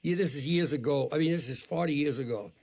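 An elderly man in his eighties with a thick Boston accent talks with a gravelly, slightly high voice. He is a priest chatting on a podcast, wry and plainspoken, teasing as he goes. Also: fast talker, darkish tone. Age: 80s. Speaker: priest guest. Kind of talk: casual conversation.

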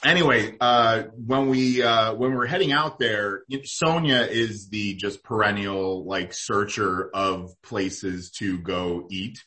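A man's voice: on the low side, slow pace, hardly any pauses, sharp tone. A man in casual podcast chat, rambling with lots of fillers and restarts. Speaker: guest food reporter.

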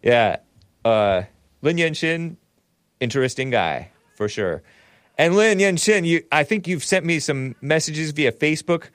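A man's voice: a little high, expressive, unhurried, no echo, clean studio sound. A man hosting a livestream talk show, reading viewer messages aloud and chatting in a rambling, chuckling way. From United States.

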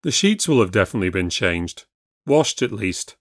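A man's voice: fairly low pitch, sing-song, moderate pace, dry recording, clean studio sound. A man voicing a cheerful, easygoing young husband with a breezy, teasing manner.

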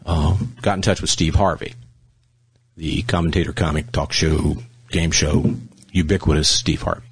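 A man's voice: a bass voice, fairly even intonation, moderate pace, slightly rough, dry recording. A man hosting a casual political talk show, cynical and blunt, swearing freely. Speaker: show host.

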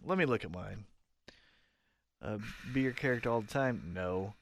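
A man's voice: lowish voice, lively intonation, moderate pace, gravelly, a little hiss or hum. A man co-hosting a casual wrestling podcast chat, teasing and laid-back, with some swearing. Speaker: podcast co-host.

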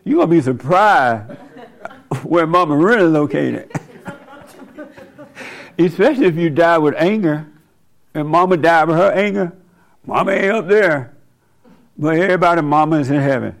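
Gravelly-voiced man preaching off the cuff. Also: fairly high pitch, expressive, moderate pace, long pauses. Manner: laughs at his own remarks; rambling, drawled and colloquial. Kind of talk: casual preachy monologue.

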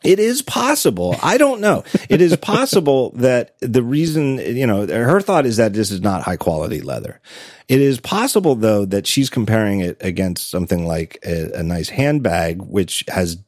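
A middle-aged man with a deep voice that rises and falls a lot chats casually for a podcast. He laughs often and restarts his sentences as he goes. The sound is dry and close to the mic. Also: expressive, moderate pace, a little mellow, dry recording. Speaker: podcast guest.

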